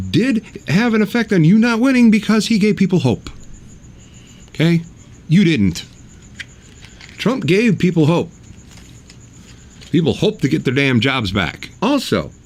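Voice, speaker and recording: A man's voice: sits high, big pitch swings, measured pace, long pauses. A man hosting his own podcast, talking in a blunt, sarcastic and mocking way. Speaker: podcast host. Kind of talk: opinionated solo podcast monologue.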